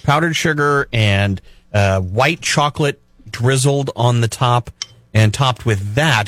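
A man's voice: medium pitch, takes it slowly, fairly bright tone, no room sound. A man on a radio show describing a dessert in casual, enthusiastic detail. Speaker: radio traffic and weather reporter.

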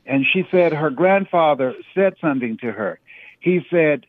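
A man's voice: fairly high pitch, expressive, normal speed, no room sound. Emphatic motivational speaker man on a phone line. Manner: preacherly, emphatic, repeats words for stress. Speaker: motivational speaker, radio guest. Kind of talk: motivational radio talk.

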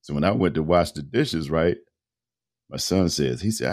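A man's voice: rumbling low, brisk, darkish tone. A middle-aged man, a voice-over artist, telling a long personal story as a podcast guest in a casual, slangy way and acting out the dialogue.

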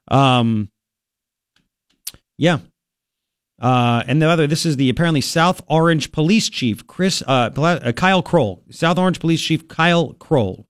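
A man hosting political commentary, sarcastic and mocking as he pauses and remarks on clips. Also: fairly high pitch, lively intonation, smooth, no room sound, studio quality. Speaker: host.

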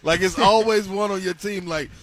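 A man co-hosting a sports talk radio show, chiming in with excitable agreement. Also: high-pitched, crowd noise. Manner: excitable, quick agreeing interjections. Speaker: radio co-host.

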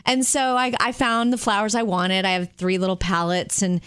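A woman's voice: mid-range voice, level tone, moderate pace, a bit bright, smooth, no echo, clean studio sound. A middle-aged woman co-hosting a radio show, telling a story in casual chat and acting out the voices of others. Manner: chatty storyteller, acts out quoted voices. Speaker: radio co-host.

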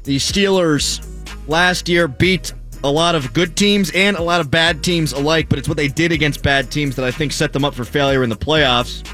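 A man hosting a sports radio show, joking around with his co-hosts and reading quick promos. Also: on the high side, sharp tone, soft background music. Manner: joking, quick riffing, reads segment promos. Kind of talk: casual sports radio banter.

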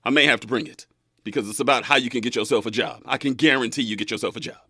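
A man in his twenties hosting a talk radio show, animated and folksy, laughing often. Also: mid-range voice, racing, husky, no echo, studio quality. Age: 20s.

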